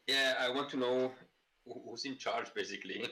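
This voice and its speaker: A man's voice: medium pitch, moderate pace, sharp tone, rough recording. A man playing a tabletop game, talking in a hesitant, stammering way. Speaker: player. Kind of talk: casual chat during a tabletop game.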